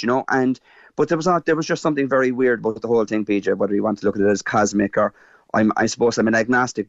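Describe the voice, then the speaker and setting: A man in his fifties with a Cork Irish accent, telling a personal story in a radio interview, halting with fillers and restarts. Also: mid-range voice, no echo, dull audio. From Ireland. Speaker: guest.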